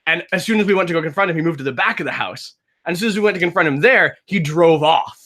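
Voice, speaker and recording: A man's voice: a little high, fast talker. A young man hosting a casual podcast, telling a story with many restarts and acting out the people in it. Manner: animated storyteller, many restarts and "like"s, acts out the voices in his story. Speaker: game master and podcast host.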